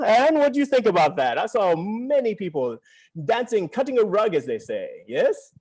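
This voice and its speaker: High-voiced jokey male event host. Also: big pitch swings, unhurried, darkish tone. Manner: jokey, upbeat, theatrical. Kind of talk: playful online event hosting.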